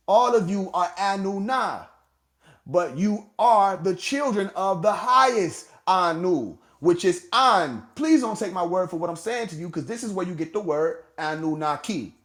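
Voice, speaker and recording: Man, high voice, preachy lecture, rhetorical questions, drawn-out key words. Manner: preachy, asks rhetorical questions and answers them. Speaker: host. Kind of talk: lecturing talk on a live audio room.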